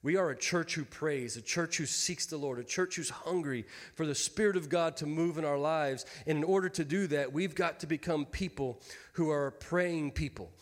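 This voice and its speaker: A man in his thirties preaches to his church in a high, light voice, folksy and quick to joke with the congregation. His words ring out with a long hall reverb around them. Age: 30s. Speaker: pastor. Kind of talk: sermon. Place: church sanctuary.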